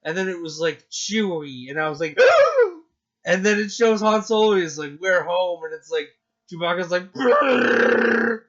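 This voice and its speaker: A man co-hosting a podcast in casual chat, excitable and gushing, acting out his own reactions. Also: high voice, a little fast, dull audio. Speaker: podcast co-host.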